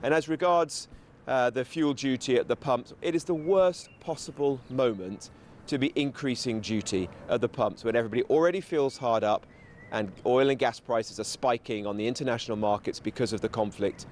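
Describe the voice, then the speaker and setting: A man appearing as a political guest on a talk show, arguing in a steady campaigning tone and listing his points one after another. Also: medium pitch, moderate pace, a little hiss or hum.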